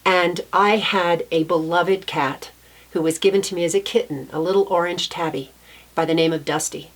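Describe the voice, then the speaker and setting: A woman with a fairly low voice tells a story from her own childhood. She speaks softly and thoughtfully, pausing to correct herself now and then. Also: steady tone. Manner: soft-spoken, reflective, with small restarts. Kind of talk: personal storytelling.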